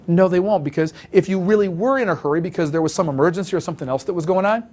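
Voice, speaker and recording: A man's voice: sits high, lively intonation, racing, darkish tone. A man coaching listeners on making sales calls, talking emphatically and acting out example calls. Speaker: sales trainer. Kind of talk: instructional talk.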